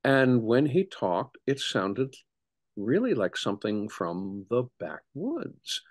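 A middle-aged man, a historian, speaking as an interview guest in an animated storytelling way with frequent restarts. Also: medium pitch, slow. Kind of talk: conversational interview.

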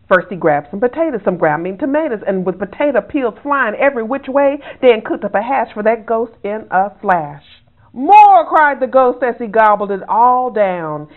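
Woman reading a bedtime story, tinny sound. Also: on the high side. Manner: expressive, rhythmic read-aloud delivery. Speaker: author reading her own book. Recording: tinny phone-like sound, faint music.

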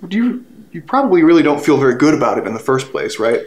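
A man's voice: fairly high pitch, very animated, fast talker. A man co-hosting a casual fitness talk, telling stories in a laid-back way full of "like" and "right?". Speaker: fitness coach and co-host. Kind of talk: casual conversation.

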